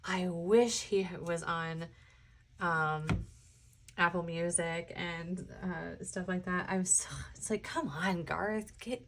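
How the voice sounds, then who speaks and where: A woman from the Midwest talks loosely through a tarot reading, wandering off on tangents and laughing along the way. Her voice sits a little low. A faint hiss runs under the recording. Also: fairly even intonation, takes it slowly. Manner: chatty and rambling, laughs often, sometimes sings along. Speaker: tarot reader. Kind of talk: casual pick-a-card reading chat.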